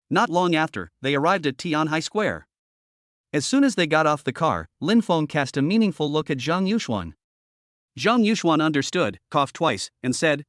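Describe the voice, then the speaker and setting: A man's voice: on the high side, big pitch swings, moderate pace, a bit bright, dry recording. Man narrating a novel, dry and close.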